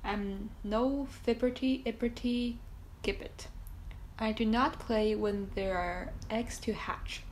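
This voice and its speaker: A woman's voice: fairly high pitch, a little slow, a little mellow, slight background noise, close to an everyday voice, poor audio. A woman whispering as a fussy mother goose. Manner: fussy, stuttering repetitions. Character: busy fussy mother goose sitting on eggs.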